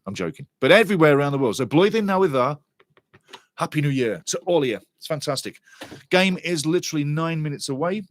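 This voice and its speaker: An older Welshman with a medium-pitched voice hosts a football watchalong stream, joking, chatting casually and reading viewer comments aloud. He's excitable and now and then bursts into shouting. The audio is clean studio sound without echo.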